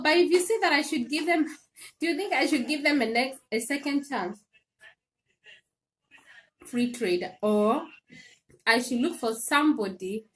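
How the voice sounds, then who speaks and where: Woman, livestream host, casual chat, animated storytelling, slightly high-pitched. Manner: animated storytelling with laughs and repeated phrases. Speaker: live stream host. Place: home in Sweden.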